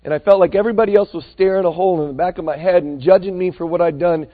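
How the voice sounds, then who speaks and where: A high-voiced male preacher tells stories from the pulpit, shifting between a near-whisper and a loud push. The sound is thin and narrow, as if over a phone line. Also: racing. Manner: animated, swings between loud and hushed. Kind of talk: sermon with storytelling.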